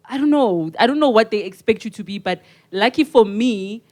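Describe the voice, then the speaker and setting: A woman's voice: a little high, expressive, moderate pace, darkish tone. A young South African woman co-hosting a podcast, chatting casually and acting out the voices in her anecdotes. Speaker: podcast co-host. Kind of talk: casual chat.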